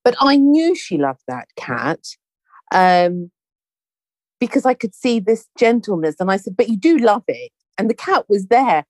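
A woman's voice: mid-range voice, normal speed, dry recording. A woman telling a story in casual chat, acting out the dialogue as she goes. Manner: animated storyteller, acts out quoted dialogue.

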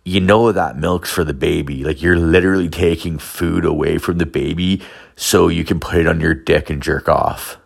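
Guy quoting his annoyed partner, low gravelly flat scolding, not really changing his voice. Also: moderate pace. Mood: reproachful. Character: stern annoyed young mother, his partner.

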